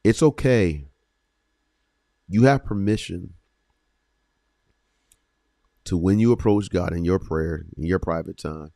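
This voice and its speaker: A man with a very low voice speaks earnestly as a faith podcast host. He repeats his phrases and leans on slow, emphatic pauses. The sound is dry and close, with no room around it. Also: dark tone, dry recording. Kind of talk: encouraging faith podcast talk.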